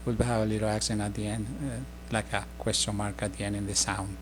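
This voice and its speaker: A middle-aged man giving a casual spoken language lesson, explaining slowly with many fillers and restarts. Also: fairly low pitch, flat delivery, background noise. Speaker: language teacher.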